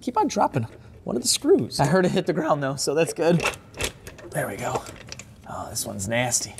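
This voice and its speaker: A man hosting a car-repair video who explains his work casually and jokes between tasks, sometimes letting out excited whoops. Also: a little high, normal speed, creaky, noisy background. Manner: upbeat and joking, with sudden excited whoops. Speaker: host and car mechanic. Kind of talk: casual repair vlog commentary. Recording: echoey garage reverb.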